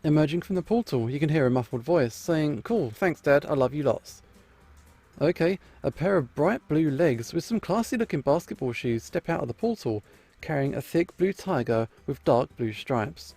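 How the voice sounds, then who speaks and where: A man's voice: fairly high pitch, lively intonation, moderate pace, warm tone. A man playing through a story game, reading the narration aloud with playful, amused asides. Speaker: game streamer. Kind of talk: reading a visual novel aloud with commentary.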